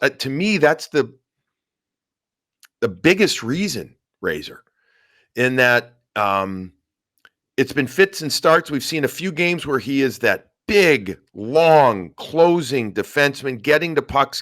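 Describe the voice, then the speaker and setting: A man's voice: medium pitch, a bit bright, no echo, studio quality. A man hosting a sports podcast, chatting casually and reading out listener questions. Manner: conversational, reads questions aloud. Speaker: podcast host.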